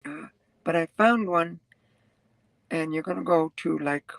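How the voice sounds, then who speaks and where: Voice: mid-range voice, measured pace, creaky, no echo, rough recording. A truck driver talking casually to viewers on a live stream, rambling, reading comments aloud and laughing often.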